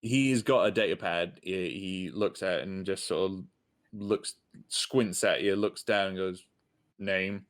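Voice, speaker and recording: Slow, low-voiced male game master. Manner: hesitant, many ums and uhs. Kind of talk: narrating a tabletop game.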